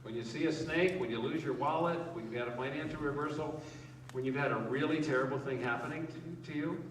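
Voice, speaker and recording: A man's voice: a little high, a little hiss or hum. A male pastor giving a conversational sermon, asking the congregation questions and joking with them. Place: church hall with a live congregation. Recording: echoey hall, voice from a distance.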